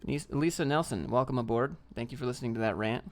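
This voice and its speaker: A young man with a mid-range voice talks fast while hosting a casual livestream. He rants in a brash, slangy style and reads viewer comments aloud.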